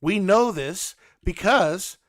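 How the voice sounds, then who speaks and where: A man's voice: high voice, expressive, slow, fairly bright tone, dry recording, clean studio sound. A young man with a New York accent, hosting a blunt, mocking reality TV commentary. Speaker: host.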